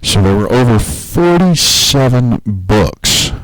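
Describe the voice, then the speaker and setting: A man's voice: medium pitch, slow pace, no echo, rough recording. Man ranting profanely on a podcast. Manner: profane, rambling, animated storytelling. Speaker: podcast host. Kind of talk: casual podcast monologue.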